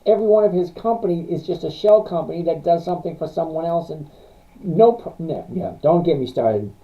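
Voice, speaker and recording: A man with a fairly high, brisk voice hosts a casual stock-trading live stream, bluntly rambling through viewer questions and reading chart figures aloud. The audio sounds tinny, like a phone.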